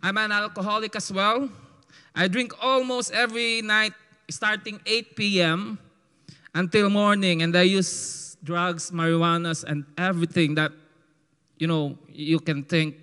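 A man with a Filipino accent giving a church testimony in an earnest, halting way, often restarting his sentences. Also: high-pitched, fairly even intonation, bright, forceful tone, clean tone. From Philippines. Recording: long reverb of a church hall.

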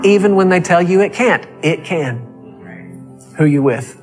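Slightly high-voiced preacher guy, repeats lines for emphasis, music playing softly. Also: expressive, unhurried, long pauses. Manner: emphatic, repeats key phrases. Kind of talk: sermon storytelling.

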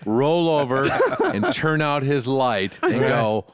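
A man's voice: medium pitch, slow, clear, resonant tone, dry recording, clean studio sound. A man in casual comedic chat, riffing and building on the joke. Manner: riffs along, builds on jokes.

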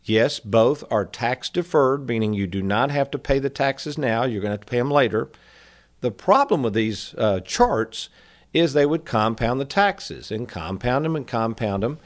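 A man's voice: mid-range voice, expressive, moderate pace. A man in his fifties hosting a financial advice radio show, talking in a folksy, conversational way and calling listeners "folks.". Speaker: financial advisor radio host. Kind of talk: casual radio talk.

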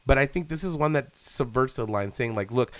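Guy chatting horror movies on a podcast, smooth clear voice, dry close mic, animated and sweary. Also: mid-range voice, a little fast, no room sound. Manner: animated, swears, acts out scenes in quotes. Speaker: podcast co-host. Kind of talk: casual film chat.

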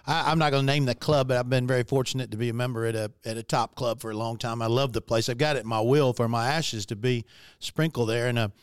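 A man's voice: mid-range voice, fairly even intonation, fast, smooth, dry recording. A man in casual conversation who talks in a wry, opinionated way and slips in dry jokes. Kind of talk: casual chat.

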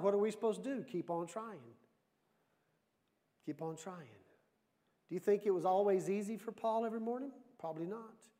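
A man preaching a sermon as pastor, lively and full of questions put to the congregation. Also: sits high. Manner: lively, asks the audience questions.

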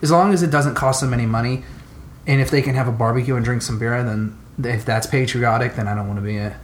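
A man's voice: medium pitch, fairly even intonation, quick pace, a little hiss or hum. A young man co-hosting a casual podcast chat, swearing freely, ranting and laughing often. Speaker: podcast co-host.

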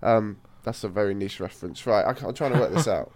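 A man's voice: on the low side, animated, a little fast, darkish tone. A man co-hosting a podcast, teasing dryly and often restarting his sentences. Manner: dry teasing, stammering restarts. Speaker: podcast co-host. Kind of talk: casual podcast banter.

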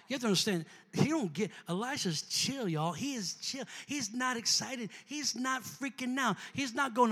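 High-voiced preacher in a reverberant church. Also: male voice, lively intonation, normal speed, fairly bright tone. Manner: preaching with rising fervor and call-and-response. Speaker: pastor. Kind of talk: sermon. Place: church sanctuary. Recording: long hall reverb.

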